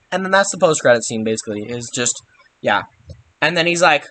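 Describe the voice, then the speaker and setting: Rambling young man with a bright voice. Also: medium pitch, lively intonation, a little fast. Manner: rambling, sarcastic, frequent mild swearing substitutes. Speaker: youtuber recapping a film. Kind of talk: casual comedic movie recap.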